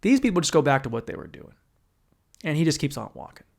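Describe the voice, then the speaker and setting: A man's voice: fairly high pitch, quick pace, gravelly. Profane young man ranting solo. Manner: profane, animated, acts out quoted voices. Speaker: podcast host. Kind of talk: solo comedic rant.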